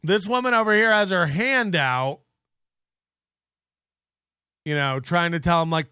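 High, bright-voiced man laughing along. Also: unhurried, long pauses, clear, resonant tone, no room sound, clean studio sound. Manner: laughing, repeating quotes, animated. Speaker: host. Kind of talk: casual commentary on a viral video.

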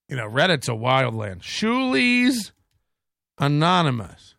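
A middle-aged man hosting his show in a profane, mocking rant that rambles from point to point. His voice rides high and swoops around with a bright edge. It is recorded dry on a close mic. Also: wildly swooping pitch, slow pace, gravelly, no echo. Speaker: podcast host. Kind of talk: casual rant reading chats.

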